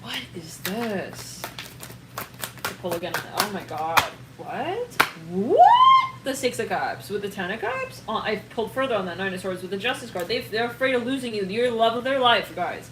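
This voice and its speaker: A woman giving a casual, excitable tarot reading to her viewers, rambling and trailing off and laughing often. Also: mid-range voice, normal speed, reverberant, loud music behind the voice, poor audio. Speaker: tarot reader.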